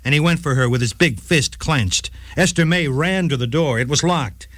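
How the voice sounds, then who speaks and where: A man's voice: moderate pace, dry recording. A man hosting a short radio legal segment, telling a case story in scripted narration with dramatic storytelling. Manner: dramatic storytelling with lively pitch.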